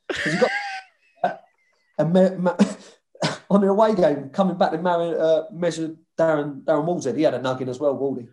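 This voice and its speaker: A man's voice: a little high, very animated, moderate pace, a little mellow, echoey room, slight background noise. A man with a London accent, a former footballer telling dressing-room stories in a casual chat, swearing freely and laughing often. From London (Hackney).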